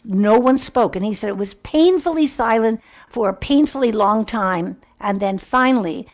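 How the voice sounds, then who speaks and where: A woman's voice: fairly high pitch, moderate pace. An older woman giving a devotional talk in an earnest, reflective way. She sometimes drops to a near whisper. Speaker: Christian speaker.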